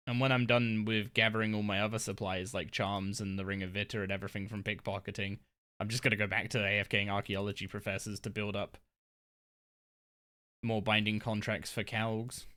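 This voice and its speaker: A woman's voice: a bass voice, moderate pace, fairly bright tone. A woman live-streaming a game from her home desk, chatting casually and rambling with lots of fillers and restarts. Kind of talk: casual live-stream chat while gaming.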